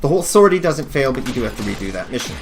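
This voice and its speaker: Rambling, gravelly-voiced man gaming. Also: mid-range voice, sing-song, very fast, slight background noise. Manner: rambling, jokey and self-deprecating. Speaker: gaming channel host. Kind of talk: casual gameplay commentary. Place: home office.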